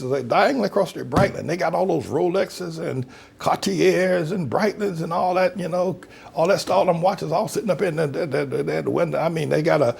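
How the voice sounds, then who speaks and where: A male pastor giving a preached commentary in a folksy way, swinging from low musing to high, laughing exclamations. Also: vocal fry, breathy edge. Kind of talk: preached commentary on current events.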